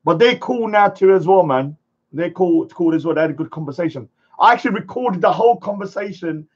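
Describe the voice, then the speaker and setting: A man hosting a live stream, chatting casually and rambling, sometimes shouting at viewers. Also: high voice. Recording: dull lo-fi stream audio.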